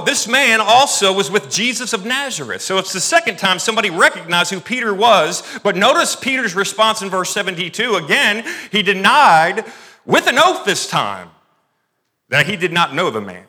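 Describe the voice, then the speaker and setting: A pastor preaching a sermon, reading scripture and breaking off into quick asides and self-corrections. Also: male voice, sits high, pushed and bright.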